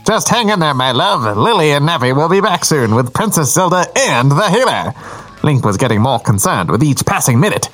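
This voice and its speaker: A man's voice: on the high side, sing-song, moderate pace, a bit bright, faint music behind. A man reading a fanfic aloud for comedy, with sudden laughs. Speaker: fanfic reader.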